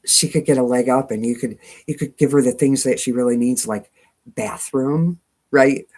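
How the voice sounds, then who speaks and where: She speaks in a steady bass voice, darkish in tone and twangy, at a moderate pace. Hosting a quilting channel, she reads viewer comments in a relaxed live chat, often laughing and teasing herself.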